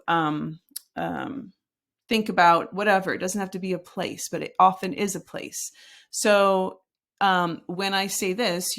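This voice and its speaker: A woman teaching a recorded lesson, explaining step by step and modeling example sentences aloud. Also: lowish voice. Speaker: Spanish teacher.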